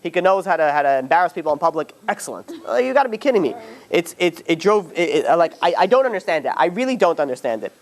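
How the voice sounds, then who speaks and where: A man hosting a casual religious panel discussion, talking in an animated, rambling way with many restarts and exasperated asides. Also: a little high, fast talker, few pauses.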